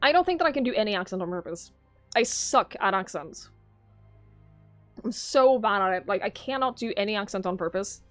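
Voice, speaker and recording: A young Norwegian woman, a game streamer from Norway, chats casually with her live-stream viewers in English with a Norwegian accent, musing aloud, swearing casually and reading their messages out. Her mid-range voice has lively intonation and moves a little fast. The recording has no echo, with soft music in the background.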